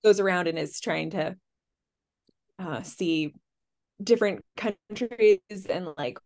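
A woman's voice: lowish voice, takes it slowly, vocal fry, a little mellow. A woman co-hosting a podcast, talking casually and rambling with many fillers. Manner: rambling, lots of "like" and "um". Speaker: podcast co-host. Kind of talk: casual chat.

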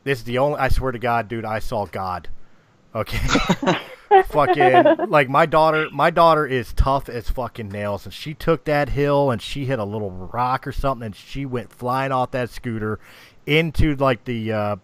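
A man's voice: mid-range voice, normal speed, fairly bright tone. A middle-aged man, a divorced father, telling rambling stories in casual chat, swearing and restarting often. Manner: rambling storyteller, swears freely, many restarts.

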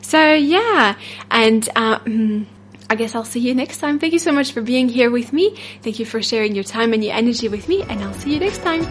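Solo podcast host, woman, French accent, rambling and upbeat, slightly high voice. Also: lively intonation, moderate pace, soft background music. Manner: rambling, upbeat, laughs often, many fillers. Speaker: podcast host and self-love coach.

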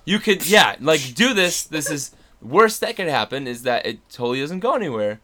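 A man's voice: a little high, big pitch swings, normal speed, pushed and bright. A young man, an actor, chatting as a guest on a podcast, rambling, restarting his sentences and laughing as he tells stories. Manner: rambling, laughing, self-interrupting storyteller. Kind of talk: casual podcast chat.

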